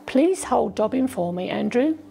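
A woman voicing a gentle, reassuring man who put a spell on his horse. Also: fairly high pitch, animated, normal speed, creaky, slight background noise. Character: kindly man who keeps a bewitched horse.

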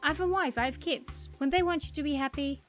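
A woman's voice: high-pitched, fast talker, faint music behind, natural voice. A woman reading a weary male police officer. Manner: read-aloud dialogue, plain.

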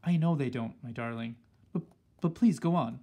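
Sharp old granny giving orders, read by a man, husky edge. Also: mid-range voice, close to an everyday voice. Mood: brisk. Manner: brisk, commanding. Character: shrewd, excitable old grandmother.

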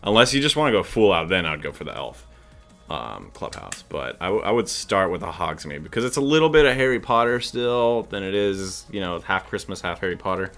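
Low-voiced guy co-hosting, chatty and jokey, swoops around a lot. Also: big pitch swings, fairly quick, gravelly, fairly bright tone, faint music behind. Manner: chatty, laughs often, jokey. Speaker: co-host. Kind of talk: casual chat while building.

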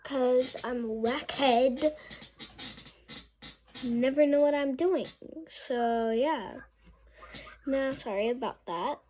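A woman's voice: sits high, takes it slowly, pauses often, warm tone, slight background noise, rough recording. A woman chatting casually through a makeup tutorial, rambling and mocking herself, often trailing off. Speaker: makeup vlogger.

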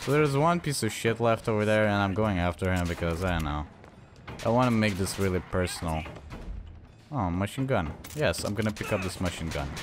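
A man commentating over a shooter game, frustrated and swearing, his voice shooting up high when annoyed. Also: brisk, noisy background. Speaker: gameplay commentator. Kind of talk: Let's Play commentary.

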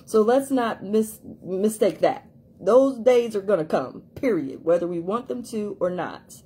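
A woman's voice: mid-range voice, lively intonation, measured pace, mellow, slightly rough. A woman life coach giving an emphatic motivational talk, repeating herself for emphasis and acting out quoted voices.

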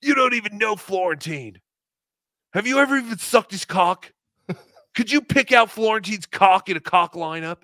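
A man's voice: sits high, lively intonation, moderate pace, pushed and bright, no room sound, studio quality, pitched above the performer's own voice. A man putting on a Valley Girl impression of a whiny, jealous middle-aged man, petulant and sing-song. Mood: jealous pouting.

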